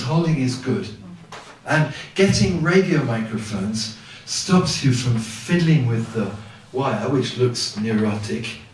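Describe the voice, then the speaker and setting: In a big hall fitted with loudspeakers, a man presents a seminar to a live crowd, his medium-pitched, naturally quiet voice running through a PA from a mic ten centimeters away. He brings his anecdotes to life with sound effects. The capture is distant from the camera, with heavy hall echo and slight background noise.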